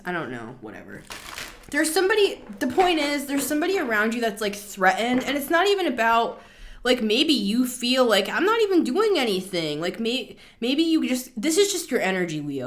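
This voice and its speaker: Chatty rambling tarot reader, woman. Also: medium pitch. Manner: chatty, rambling, animated asides. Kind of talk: casual tarot reading.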